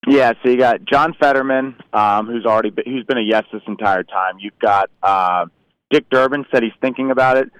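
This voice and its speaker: A man's voice: medium pitch, brisk, fairly bright tone, clean tone, no room sound, poor audio. A man giving political analysis as a news correspondent, rambling with many fillers.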